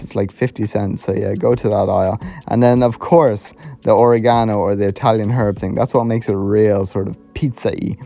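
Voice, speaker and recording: A man's voice: fairly low pitch, warm tone. A young man giving a casual, joking voiceover for his recipe video as a fitness vlogger. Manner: chatty, joking, informal.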